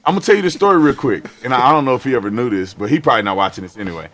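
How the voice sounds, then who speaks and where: A man talking as a guest in a casual chat, telling family stories with laughter and shouted imitations. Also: medium pitch, animated, rapid-fire. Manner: laughing storyteller, shouts out relatives' calls.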